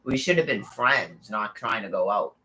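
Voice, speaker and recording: A man talks in loose, chatty storytelling. He rambles and swears as he goes, and his voice is bright and sharp-edged. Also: fairly low pitch, lively intonation, moderate pace, rough recording. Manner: rambling, profane, full of fillers. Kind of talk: casual storytelling chat.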